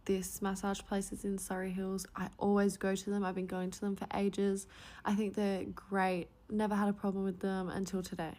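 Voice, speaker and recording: A woman telling a personal story in a chatty, animated way, full of "like" fillers. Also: medium pitch, moderate pace. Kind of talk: storytime vlog.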